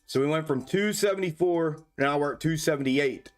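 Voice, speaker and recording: A man hosting a casual stock market livestream, talking to his viewers, cursing freely and getting excitable over price moves. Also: on the high side, normal speed, faint music behind. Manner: profane, excitable, talks to viewers as "y'all". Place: home desk setup.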